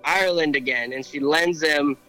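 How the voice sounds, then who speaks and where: Bright, fairly high-pitched man telling old tales to friends on a podcast. He stumbles over names and restarts often, with a little music under the talk. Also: moderate pace, low-quality recording. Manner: retells legends with many fillers and restarts. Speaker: podcast co-host. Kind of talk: casual chat, storytelling. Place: airborne helicopter.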